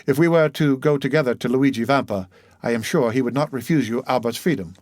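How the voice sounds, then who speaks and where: A man reading an audiobook, voicing an earnest young gentleman who presses his case out of worry for a friend. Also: mid-range voice, a little fast, dry recording, clean studio sound, lightly acted.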